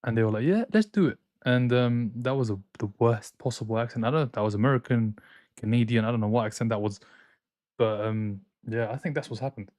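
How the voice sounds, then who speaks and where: A man's voice: medium pitch, fairly even intonation, fairly quick, a little mellow, no echo. Young male streamer, opinionated and chatty, answers chat as he goes, dry close mic. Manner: reads out and answers viewer chat, opinionated banter. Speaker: football watchalong streamer. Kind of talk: casual live-stream chat. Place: home streaming room in France.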